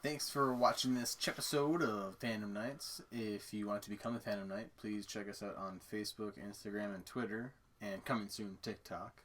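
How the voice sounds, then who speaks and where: A man's voice: lowish voice, fairly even intonation, moderate pace, few pauses, fairly bright tone. A man co-hosting a casual fan chat, dropping dry, joking asides and reading the show's sign-off. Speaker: podcast co-host.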